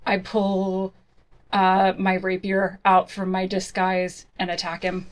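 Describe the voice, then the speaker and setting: A woman's voice: mid-range voice, completely flat delivery, takes it slowly, rough recording. A woman playing a tabletop game who talks hesitantly and stammers. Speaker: player.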